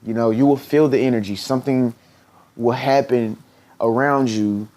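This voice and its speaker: A man giving an earnest motivational talk in a vlog, repeating phrases for emphasis and now and then putting on high, squeaky voices for people he quotes. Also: steady tone, normal speed, a little mellow. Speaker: motivational speaker.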